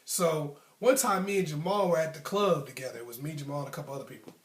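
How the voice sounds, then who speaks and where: A man's voice: on the high side, fast talker, far from the mic. A man casually telling a personal story as a channel host, conversational, with frequent ums and likes. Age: adult, past his youth. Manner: conversational, many ums and likes, acts out friends' tough talk. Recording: echoey room.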